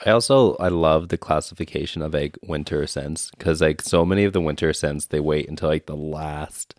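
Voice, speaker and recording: A man co-hosting a podcast, talking in a relaxed, wry way with many fillers. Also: extremely low pitch, brisk, dry recording, studio quality. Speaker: podcast co-host. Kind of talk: casual chat.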